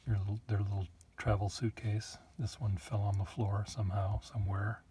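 A man's voice: lowish voice, flat delivery, moderate pace, mellow, a little hiss or hum. A man casually showing his collection of old pens, rambling with joking asides. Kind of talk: casual show-and-tell.

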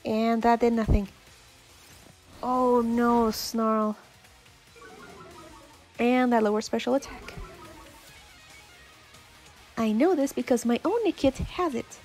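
A woman's voice: a little high, slow pace, long pauses, darkish tone, soft background music. A woman giving casual, giggly, chatty commentary while playing a video game. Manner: giggly, chatty, self-deprecating. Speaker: let's-play host.

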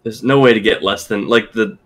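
A man's voice: on the low side, steady tone, a little fast, fairly bright tone. A man playing a game online with friends, teasing and ribbing them playfully. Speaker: player. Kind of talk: casual gaming chat.

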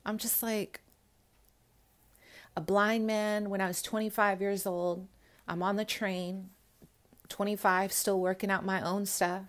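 Young woman vlogger, earnest and emphatic, mid-pitched, speaking straight to her viewers. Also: little pitch movement, measured pace, long pauses. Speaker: spiritual vlogger. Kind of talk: casual talk to camera.

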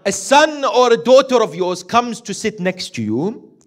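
A man giving a sermon as a sheikh, asking his listeners questions and acting out parents, reciting Arabic verses quickly. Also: high-pitched. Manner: animated, asks the audience questions and acts out quoted parents. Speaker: sheikh giving a Muharram lecture.

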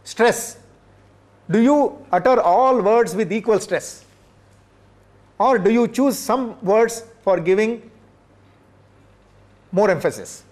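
A man's voice: high-pitched, takes it slowly, long pauses, a little mellow. A male professor, lecturing teachers, repeating points for emphasis and asking the audience rhetorical questions. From India.

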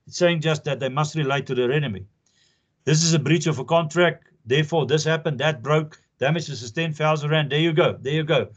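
This man's voice sits a little high, and the audio sounds dull. He's giving a recorded law lecture in a conversational, emphatic style, going over his points repeatedly.

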